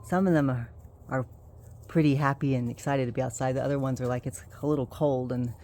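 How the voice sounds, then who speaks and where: Low-voiced woman herding puppies. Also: fairly even intonation, fairly quick, dark tone. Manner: coaxing and scolding puppies, often laughing and sighing. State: winded. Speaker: dog breeder filming her puppies. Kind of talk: casual vlog narration. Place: home and backyard, indoors and outdoors. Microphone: handheld video camera.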